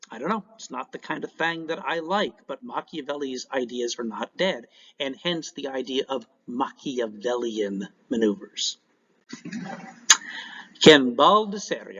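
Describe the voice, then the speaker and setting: A man teaching a recorded class lecture in an animated way, with joking asides. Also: mid-range voice. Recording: dull lo-fi recording.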